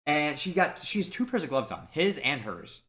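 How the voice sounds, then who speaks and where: A young man co-hosting a podcast, telling a story in animated, casual chat and quoting people as he goes. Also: a little high, normal speed. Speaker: podcast co-host.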